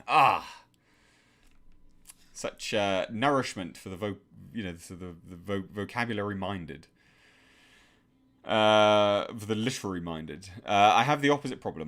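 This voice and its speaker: A young Englishman with a lowish voice hosts a live stream, calmly reading viewer messages aloud and answering each one in a measured way.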